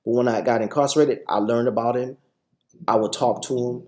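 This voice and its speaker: A man's voice: medium pitch, fairly even intonation, brisk, a little mellow. A man guest on a radio interview, telling his personal story with emphatic repetitions and frequent restarts. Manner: acts out quoted voices. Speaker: guest, TV show founder.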